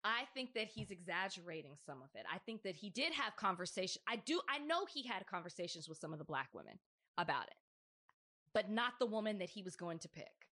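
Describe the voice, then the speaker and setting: Bright-voiced woman in animated chat. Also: medium pitch, brisk. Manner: animated, emphatic storytelling. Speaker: podcast co-host. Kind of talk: casual chat.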